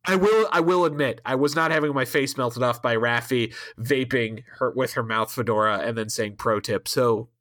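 A man's voice: mid-range voice, normal speed, hardly any pauses, a bit bright. A man co-hosting a casual podcast, critiquing a TV episode in a hedging, conversational way with loose swearing. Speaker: podcast co-host.

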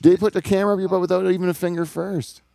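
A man hosting a casual comedy podcast, telling a long crude story in an animated, rambling way. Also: high-pitched, rapid-fire, creaky. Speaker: podcast host.

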